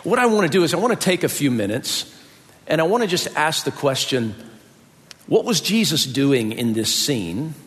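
A man from the US South preaching a sermon as pastor, folksy and lively, joking about his own mother. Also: a little high, moderate pace. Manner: animated, folksy, jokes about his mom with playful impressions. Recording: long hall reverb.

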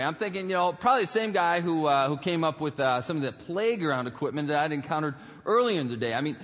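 Joking pastor in an echoing auditorium. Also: male voice, a little high, fast, hardly any pauses. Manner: animated and jokey, with many fillers and asides. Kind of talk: humorous storytelling sermon. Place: large auditorium. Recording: long auditorium reverb.

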